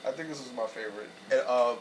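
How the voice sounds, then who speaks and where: A man hosting a reaction video in casual, slangy chat, animated and laughing often. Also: medium pitch, fast talker, a little hiss or hum, poor audio.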